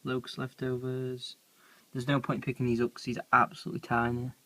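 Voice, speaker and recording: Hobbyist talking low and easy while filming, casual vlog on a camera mic. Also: monotone, fairly quick, low-quality recording. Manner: quiet, soft-spoken, laid-back. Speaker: hobby pet keeper filming feedings. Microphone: handheld camera mic.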